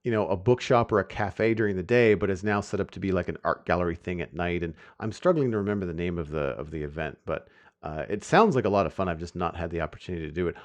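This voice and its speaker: A man hosting a podcast, chatting casually in an animated way and laughing easily. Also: sits low, quick pace. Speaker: podcast host.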